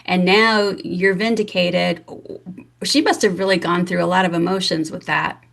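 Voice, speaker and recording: A woman's voice: lowish voice, steady tone, normal speed, gravelly, fairly bright tone. A woman hosting a podcast interview, asking curious, probing questions in a friendly, conversational manner. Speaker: podcast host.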